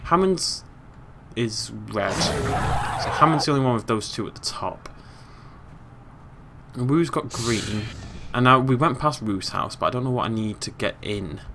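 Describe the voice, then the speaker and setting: A British man hosting a let's play, joking, talking to the game and making squeaky silly noises as he plays. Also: unhurried, very noisy. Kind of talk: casual gameplay commentary.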